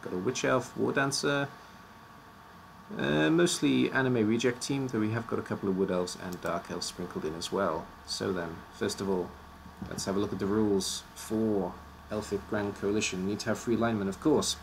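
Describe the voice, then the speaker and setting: A man's voice: fairly low pitch, steady tone, normal speed, creaky, a little hiss or hum. A man casually presenting teams on a live stream, his voice slightly worn out, joking and stumbling over odd names.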